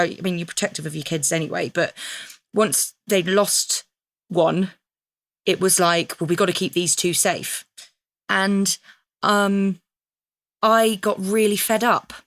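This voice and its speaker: A woman in her thirties with a lowish voice speaks candidly in a conversational interview. She reflects openly on herself and slips into quoting her own past thoughts, and the recording is dry and close. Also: vocal fry, fairly bright tone, dry recording. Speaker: podcast guest.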